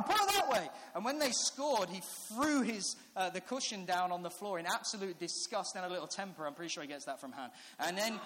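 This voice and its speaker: A man's voice: sits high, fairly bright tone. A man, preaching a sermon in a chatty storytelling way that builds to earnest reflection. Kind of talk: sermon with personal stories. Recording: echoey hall with faint hiss.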